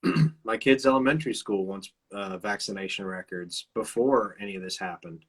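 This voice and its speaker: Man, host, low-pitched, sleep-deprived, halting and hesitant, video-call interview. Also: breathy edge, low-quality recording. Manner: halting, many fillers and restarts. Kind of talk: casual chat over live video.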